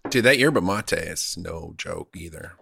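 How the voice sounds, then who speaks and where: A man co-hosting a podcast in casual chat, crude and laughing, breaking into loud joking bits. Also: low voice, lively intonation, normal speed, vocal fry, a little hiss or hum. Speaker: podcast co-host.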